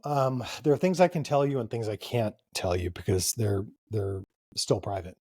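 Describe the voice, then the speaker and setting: A husky, mellow-toned man in his fifties talks as an interview guest. He tells stories with energy, pushing hard on key words. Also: fairly low pitch, normal speed. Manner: energetic, emphatic storyteller. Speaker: guest, brand founder. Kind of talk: conversational interview.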